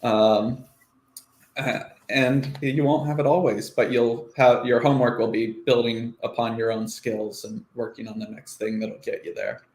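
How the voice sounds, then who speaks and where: A man's voice: mid-range voice, level tone, measured pace, darkish tone. A man on a live-stream panel, talking in a rambling, encouraging way with many fillers. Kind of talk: casual panel talk. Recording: echoey room.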